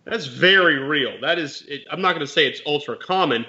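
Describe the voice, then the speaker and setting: Bright, high-voiced man telling a story. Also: brisk, dull audio. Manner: animated, explains legal points plainly. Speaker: real estate investor and mentor. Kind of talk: casual storytelling chat.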